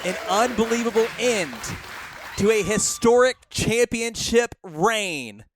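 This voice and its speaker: A man's voice: high voice, takes it slowly, noisy background. A male wrestling commentator calling the show in a hyped broadcaster delivery. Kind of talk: play-by-play commentary. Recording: loud crowd behind the commentary.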